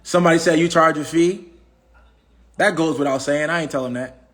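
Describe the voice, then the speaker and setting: Brief: high-pitched man, AAVE, preachy livestream motivational speaker, repeats himself. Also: fairly quick, a bit bright. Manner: preachy, repetitive, asks the audience questions. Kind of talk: casual motivational talk.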